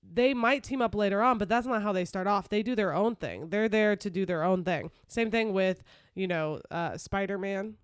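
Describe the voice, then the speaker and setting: A woman's voice: mid-range voice, clear, resonant tone, no echo, studio quality. A woman co-hosting a podcast in casual chat, opinionated and teasing. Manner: opinionated, teasing, quick to mock. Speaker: podcast co-host.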